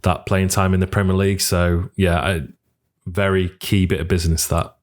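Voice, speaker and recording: Deep-voiced man, football podcast. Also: normal speed. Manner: relaxed, enthusiastic fan talk with fillers. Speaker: podcast co-host. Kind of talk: casual football podcast chat.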